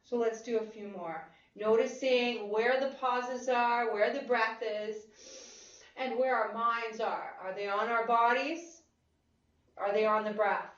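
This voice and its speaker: A woman leading a chair yoga class, giving slow, calm guiding cues about posture and breathing. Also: a little high. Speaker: yoga instructor. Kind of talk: guided chair yoga instruction. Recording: roomy, distant, dull-sounding mic.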